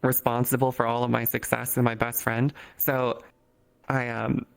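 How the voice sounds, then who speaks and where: A man as an interview guest in a casual chat, joking crudely in a deadpan way. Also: mid-range voice, normal speed, creaky, clear, resonant tone.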